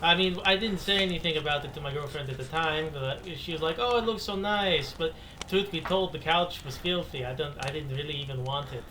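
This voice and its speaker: Halting man telling a story casually. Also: fairly high pitch, pushed and bright, slight background noise, poor audio. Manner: halting, repeats words, self-deprecating. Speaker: roleplaying game player. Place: online game voice chat.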